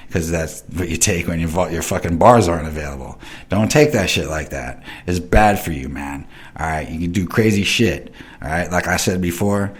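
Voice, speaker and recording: A middle-aged man hosting an internet radio show, rambling in a casual monologue full of swearing and talking straight to his listeners. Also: low-pitched. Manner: reads and answers chat comments.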